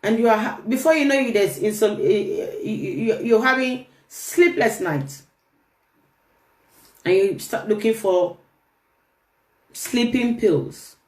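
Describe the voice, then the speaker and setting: A woman's voice: on the high side, animated, slow, long pauses, a little mellow. A woman hosting a relationship talk, speaking earnestly and emphatically, often repeating her key phrases. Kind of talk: earnest motivational talk to camera. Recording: roomy echo.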